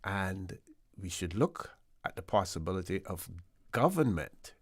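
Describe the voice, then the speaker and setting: A Caymanian man hosts a radio talk show in an easygoing, rambling manner, full of fillers and restarts. His voice sits a bit low. It is close and dry on a studio microphone. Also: big pitch swings, a little slow, no echo.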